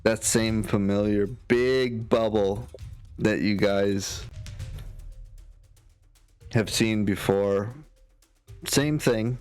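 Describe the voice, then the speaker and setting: A man's voice: on the low side, fairly even intonation, very slow, pauses often, darkish tone, clean tone, soft background music. A man narrating as dungeon master, rambling with many fillers and restarts. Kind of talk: narrating a tabletop game.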